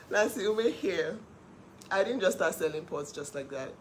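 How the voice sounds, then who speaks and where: Animated woman on a livestream. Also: on the low side, moderate pace, slight background noise. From Nigeria. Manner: animated and emphatic, laughing often. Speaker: cookware seller hosting a livestream. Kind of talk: casual livestream talk.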